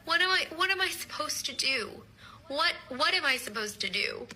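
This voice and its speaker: A young woman telling a rambling, deadpan comic story from her own life. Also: sits high, moderate pace, slight background noise, low-quality recording. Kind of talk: storytime vlog.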